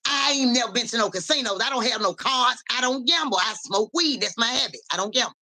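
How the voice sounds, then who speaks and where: A woman spins a long story for her live-stream viewers. Her voice is bright and forward, her delivery animated and salty, and she talks into a phone. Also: fast talker. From Memphis area, USA. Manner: animated, profane, keeps saying "so boom".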